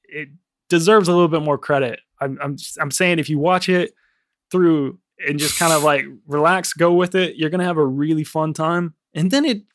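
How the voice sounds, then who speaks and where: A man's voice: a little high, steady tone, normal speed, slight background noise. A man co-hosting a film podcast in casual chat, rambling with plenty of "like" fillers. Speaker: podcast co-host.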